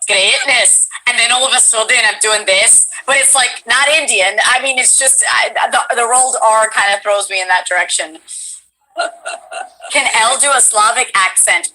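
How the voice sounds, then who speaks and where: A woman with a bright, forceful voice pitched a little high hosts a casual stream chat. She talks in an animated, hyper way and laughs often, heard over a video call. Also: rough recording. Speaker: streamer host interviewing a guest.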